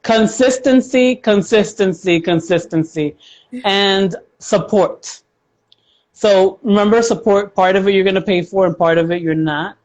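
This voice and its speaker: A woman's voice: mid-range voice, level tone, normal speed, darkish tone. A woman guest, an accountant, explaining money matters in a chatty way with examples and frequent fillers. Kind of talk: casual interview chat.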